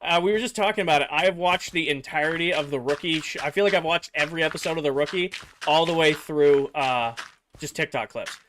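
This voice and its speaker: Young male game streamer, slightly higher voice, rambling chat, going a bit hoarse. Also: fast, fairly bright tone, a little hiss or hum. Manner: rambling, filler-heavy, answering chat. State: losing his voice. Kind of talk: casual livestream chat with viewers.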